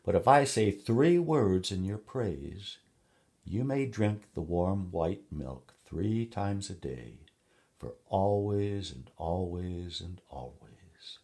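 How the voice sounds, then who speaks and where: A man reading a story aloud and voicing a wise, firm woman who speaks louder and higher than his narration. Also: animated, slow, exaggerated voice. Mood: firm, mocking. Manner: raised, laughing, commanding.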